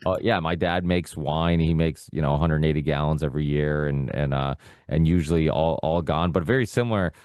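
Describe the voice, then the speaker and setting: A young man with a very low, deep voice chats as a podcast guest. He rambles loosely, piling on fillers as he tells family stories. The sound is dry and close, with no room around it. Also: fairly quick, darkish tone, no room sound. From United States, Portuguese immigrant family. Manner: rambling, heavy with fillers like "you know" and "like". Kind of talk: casual conversational storytelling.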